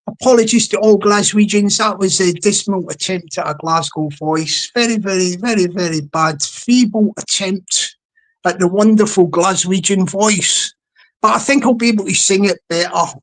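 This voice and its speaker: A man hosting a casual live stream, rambling through repeated shout-outs to his chat. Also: high voice. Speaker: livestream host.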